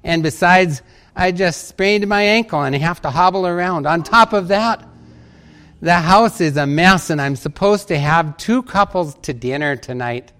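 A man's voice: sits high, a little slow, fairly bright tone. A man reading as a frazzled weepy young housewife. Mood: upset. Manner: tearful complaining.

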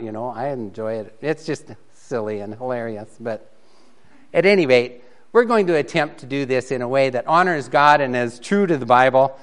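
A man teaching a Bible doctrine class in a relaxed, conversational way, often chuckling. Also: mid-range voice. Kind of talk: classroom lecture.

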